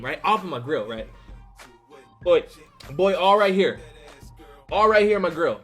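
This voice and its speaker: A man's voice: high-pitched, very animated, brisk, a bit bright, soft background music. A man streaming live, telling a tall tale in hyped slang and asking "right?" after every beat. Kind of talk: animated storytelling on a live stream.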